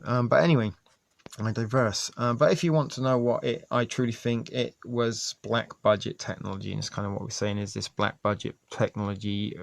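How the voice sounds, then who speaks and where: A man reading articles aloud and commenting in a casual, halting way, with many ums and restarts. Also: lowish voice, gravelly. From England. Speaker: video host.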